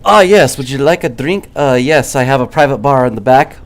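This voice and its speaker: A man's voice: medium pitch, animated, fairly quick, natural voice. A man doing an exaggerated movie-quote impression of a smarmy man offering drinks.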